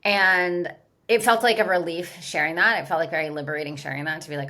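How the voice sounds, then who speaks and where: A woman's voice: sits low, quick pace, sharp tone. A woman guest in a casual podcast interview, telling her story candidly and animatedly with lots of "like" fillers. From California, USA. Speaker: guest, business founder.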